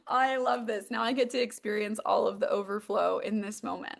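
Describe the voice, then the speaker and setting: A young woman coaching on a live stream, bubbly and excitable, peppering her talk with "like.". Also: mid-range voice, brisk, vocal fry, hardly any pauses. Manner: bubbly and excitable, heavy use of "like". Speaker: manifestation and mindset coach.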